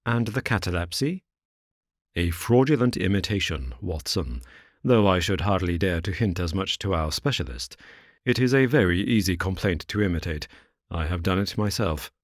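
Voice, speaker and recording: A man doing a crisp, cool detective. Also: deep voice, expressive, normal speed, dry recording, clean studio sound. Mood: assured.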